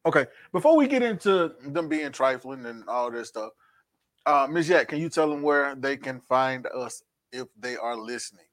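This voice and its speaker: Teasing, lively man co-hosting a podcast. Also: mid-range voice, normal speed. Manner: loud, teasing, laughs often. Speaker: podcast co-host. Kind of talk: casual joking chat.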